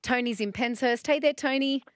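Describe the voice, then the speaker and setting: A woman's voice: high voice, normal speed, no echo, clean studio sound. An Australian woman hosting casual talkback radio, bubbly and chatty, laughing often. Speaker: radio host.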